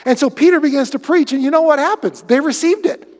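A male pastor delivers a sermon with a high voice. He is animated, swings from excited bursts to hushed asides, and his voice rings through an echoey hall. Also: fairly quick.

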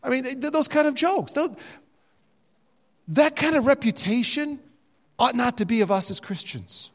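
An older man preaching a sermon, animated and jokey, sometimes mimicking other voices. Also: very high voice, moderate pace. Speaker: pastor. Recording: reverberant hall sound.

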